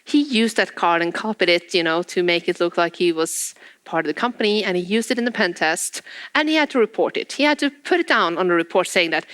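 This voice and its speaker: A woman's voice: fairly low pitch, fairly quick, dry recording. Woman telling work stories at a talk, bouncy voice, acts out the quotes, dry sound. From Norway. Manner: animated storytelling, acting out quotes, frequent laughter. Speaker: speaker on penetration testing. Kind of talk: conference talk.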